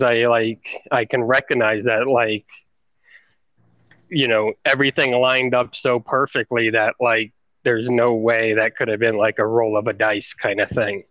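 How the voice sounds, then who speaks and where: A man's voice: mid-range voice, fairly bright tone, dry recording, dull audio. A man telling a story casually on a podcast, rambling and filling his speech with "like". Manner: rambling, full of "like" fillers.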